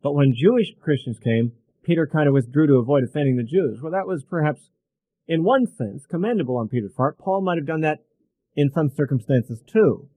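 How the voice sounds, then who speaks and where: A middle-aged man gives a verse-by-verse Bible lesson in an easy, thinking-aloud manner, with frequent asides. His voice sits a little high for a man. The sound is close and dry, with no room echo. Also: animated, a little fast, mellow. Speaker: Bible teacher.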